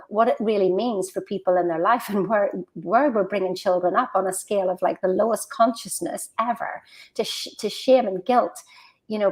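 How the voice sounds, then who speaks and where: Female co-host; chatty storyteller, halting restarts, relaxed conversational delivery. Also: medium pitch. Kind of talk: casual motivational chat.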